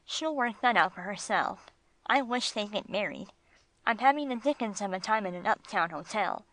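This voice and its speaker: A woman voicing a gruff, streetwise male bulldog with slangy tough-guy talk, read for an audiobook. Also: mid-range voice, expressive, normal speed, fairly bright tone, poor audio. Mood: blunt.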